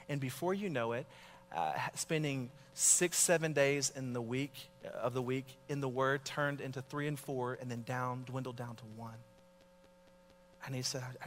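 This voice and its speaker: A man's voice: medium pitch, a bit bright, long reverb tail, a little hiss or hum. A middle-aged man preaching a sermon, earnest and exhorting, telling a story from his own life. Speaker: pastor.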